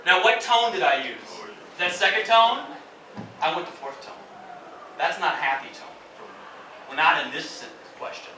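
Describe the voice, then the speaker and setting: Bright-voiced man teaching in a classroom. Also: high voice, animated, a little slow, long pauses, slight background noise. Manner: explanatory, demonstrates intonation with exaggerated examples. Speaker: English teacher. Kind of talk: classroom English lesson. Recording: echoey classroom from a distance.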